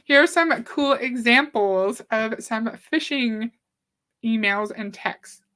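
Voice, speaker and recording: A woman's voice: fairly high pitch, slow, fairly bright tone. A woman from Canada hosting a casual livestream, chatting with viewers, reading their comments aloud and swearing now and then. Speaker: livestream host. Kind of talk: casual live-stream talk.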